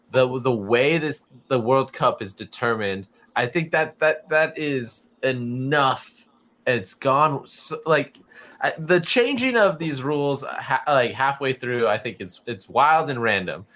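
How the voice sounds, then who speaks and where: A man co-hosting a live-streamed chat show, arguing his point in an animated way and laughing as he talks. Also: mid-range voice, measured pace. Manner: animated, argumentative, laughs while talking. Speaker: podcast co-host. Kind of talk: casual debate chat.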